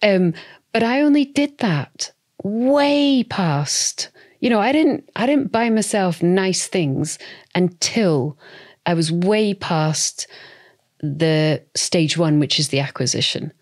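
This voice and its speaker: Woman in her forties, expressive, chatty podcast guest, lowish voice. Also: slow pace. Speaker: guest entrepreneur. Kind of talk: conversational podcast interview.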